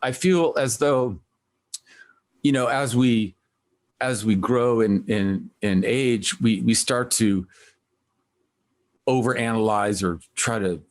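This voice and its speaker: A man hosting a music podcast, talking in a casual, rambling way and acting out quotes with lively voices. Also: medium pitch, slow pace, long pauses. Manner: rambling, animated when quoting others. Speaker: podcast host. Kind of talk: casual conversational interview.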